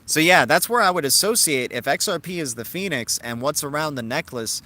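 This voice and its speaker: Chatty male crypto streamer, bright voice. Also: on the high side, animated, a little fast. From Cuban heritage. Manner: chatty, reads out viewer chat and answers it. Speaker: crypto livestream host. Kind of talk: casual live-stream commentary.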